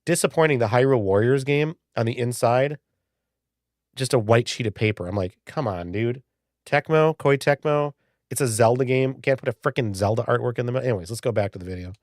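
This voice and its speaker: A man's voice: mid-range voice, fast, a little mellow, no room sound, clean studio sound. A man in his forties hosting a live stream, playfully reacting to viewer comments in casual chat. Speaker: livestream host.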